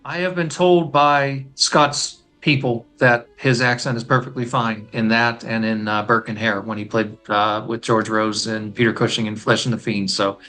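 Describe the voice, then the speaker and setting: Guy with a bright forceful voice, knows his old movies, lots of um and uh. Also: medium pitch, steady tone, soft background music. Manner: knowledgeable, measured, hesitant fillers. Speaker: film writer and guest. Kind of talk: casual film discussion.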